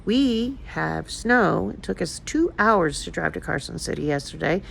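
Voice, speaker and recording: A woman's voice: on the low side, animated, measured pace, gravelly, a bit bright, a little hiss or hum, rough recording. An older woman talking casually in a personal vlog, emotional and rambling as she confides in her viewers. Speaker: vlogger.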